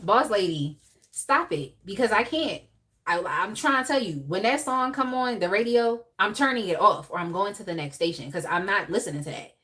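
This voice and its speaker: A young adult woman hosting a live tarot reading, talking in a casual, animated way with laughs and chatty asides. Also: medium pitch, moderate pace. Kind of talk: casual live-stream chat.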